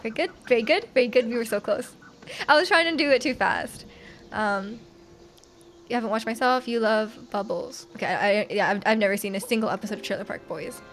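A young woman live-streaming a video game, giggling, reacting excitedly and teasing her chat as she plays. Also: fairly high pitch, fairly quick, slight background noise. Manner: reads chat aloud and teases viewers. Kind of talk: casual live game stream, chatting with viewers. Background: faint game music.

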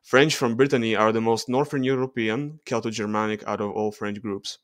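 A man's voice: on the low side, steady tone, fairly quick, no room sound. A man with a Russian accent, explaining charts in a hesitant voice-over with frequent fillers and self-corrections. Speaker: genetics video creator.

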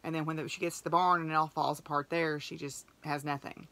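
Bright-voiced chatty woman. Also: sits low, flat delivery, fast. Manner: chatty, emotional, acts out quoted dialogue. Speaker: podcast host. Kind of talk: casual storytelling monologue.

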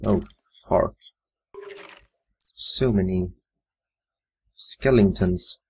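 This gamer talks through his live gameplay extremely slowly in a low, husky voice, muttering and swearing casually. A computer fan whines faintly in the recording.

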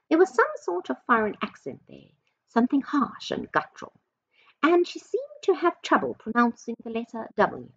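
A woman, possibly a teacher, reading a storybook aloud to children slowly and expressively, with dramatic emphasis. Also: a little high, wildly swooping pitch, fairly bright tone, breathy edge, highs cut off.

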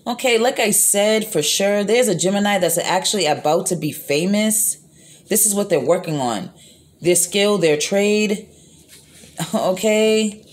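A woman's voice: mid-range voice, unhurried. A woman giving a casual tarot reading into her phone, rambling and repeating herself with lots of fillers, blunt and sometimes profane. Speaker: tarot reader.

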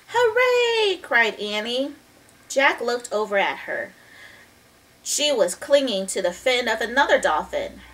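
A woman reading a children's chapter book aloud in a lively, expressive way, stopping now and then to talk about the pictures. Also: medium pitch, far from the mic, poor audio. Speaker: storybook reader.

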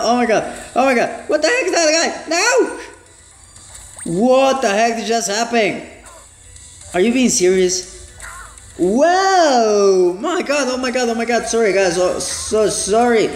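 A man with a high, lively voice gives let's play commentary, breaking into excited exclamations as he plays. He speaks at an unhurried pace in a roomy, echoing space with faint game music behind him. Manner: excitable, exclaims and laughs often. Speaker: gaming channel host.

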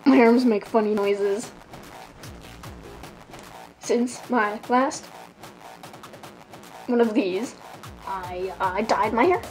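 A woman's voice: fairly high pitch, measured pace, pauses often, darkish tone, soft background music, poor audio. A woman vlogging casually, rambling in a giddy, scattered way. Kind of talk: casual rambling vlog talk. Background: song playing in the background.

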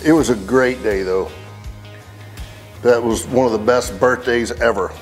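A man's voice: medium pitch, measured pace. Laid-back man swapping golf stories. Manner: loose storyteller, swears freely, laughs at his own stories. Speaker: country singer, interview guest. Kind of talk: casual chat while playing golf. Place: outdoors on a golf course. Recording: faint music under the talk.

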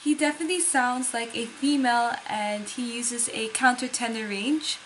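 Calm, analytical woman with a raised pitch. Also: normal speed, loud music behind the voice. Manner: calm, technical, explaining. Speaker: vocal analyst reacting. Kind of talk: analytical reaction commentary.

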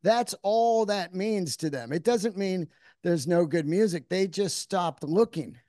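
High-voiced, profane podcast host. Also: male voice, measured pace, no room sound, studio quality. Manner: profane, animated storyteller, acting out quotes. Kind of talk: casual interview chat.

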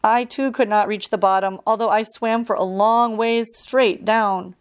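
A woman's voice: mid-range voice, steady tone, a little slow, clear, resonant tone, natural voice. A woman voicing a proud diving bird. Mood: apologetic. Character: brave male hell diver bird, proud.

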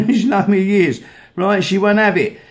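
A vlogger ranting angrily while playing clips of videos, swearing heavily and stumbling over repeated words. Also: male voice, high-pitched. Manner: swears heavily, halting and repetitive. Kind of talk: angry rant over played videos.

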